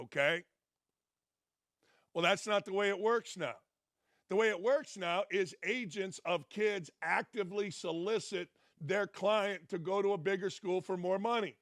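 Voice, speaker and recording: A man's voice: sits high, moderate pace, a bit bright, dry recording, clean studio sound. A middle-aged man, a former coach now hosting a sports show, giving blunt commentary that hammers each point by repeating it. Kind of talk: opinionated commentary.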